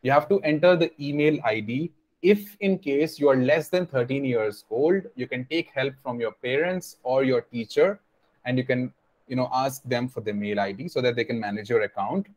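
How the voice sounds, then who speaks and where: A man's voice: medium pitch, normal speed, darkish tone, muffled recording. A young man teaching children in an online class, explaining patiently and repeating his points, with many fillers. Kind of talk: teaching kids over a video call. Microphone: video call.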